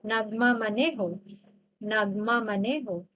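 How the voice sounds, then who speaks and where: A woman's voice: medium pitch, a little slow, a bit bright, highs cut off. A woman teaching a grammar lesson, patiently repeating each word twice. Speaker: language teacher. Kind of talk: grammar lesson with slow drilled repetition.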